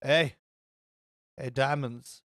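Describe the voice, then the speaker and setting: A man putting on an exaggerated Southern US accent as a coaxing character, sweet-talking in a slow drawl. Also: mid-range voice, fairly even intonation, fairly bright tone, no echo, clean studio sound, pitched below the performer's own voice.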